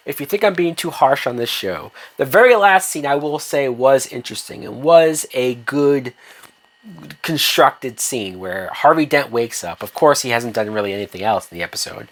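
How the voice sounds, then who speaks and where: A man's voice: medium pitch, fairly bright tone. Exasperated man ranting through a TV review. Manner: sarcastic, profane and exasperated. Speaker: TV episode reviewer.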